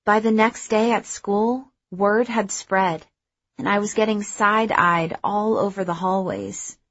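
Woman, audiobook narrator, measured storytelling, mid pitch, dull lo-fi sound. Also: fairly even intonation, a bit bright, no room sound.

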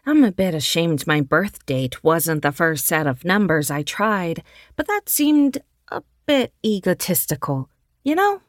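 A woman's voice: lowish voice, very animated, measured pace, no echo, studio quality. A woman voicing a bubbly, reckless young woman who is someone's little sister, eager and bossy. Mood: playful.

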